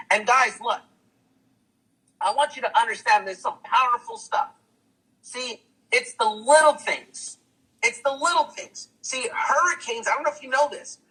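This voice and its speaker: Husky high-pitched hyped-up man. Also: bright, forceful tone, rough recording. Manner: hyped, repetitive, preachy, says "guys" and "guess what" a lot. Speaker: testimonial speaker. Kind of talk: motivational sales testimonial.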